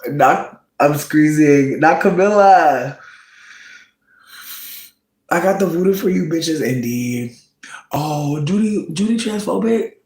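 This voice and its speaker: A man chatting casually, gossiping about reality TV in a slangy, campy style. His voice swings into high squeals when he quotes reactions. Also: animated, slow pace, pauses often, darkish tone, roomy sound, rough recording. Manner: slangy, campy storytelling with frequent "bitch" and "like". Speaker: vlogger.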